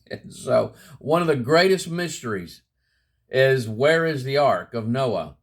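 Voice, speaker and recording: A man's voice: mid-range voice, animated, takes it slowly. A man hosting a Bible teaching video, talking casually to his viewers in a folksy, repetitive way. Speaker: Bible teaching channel host. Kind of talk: casual spoken Bible lesson to camera.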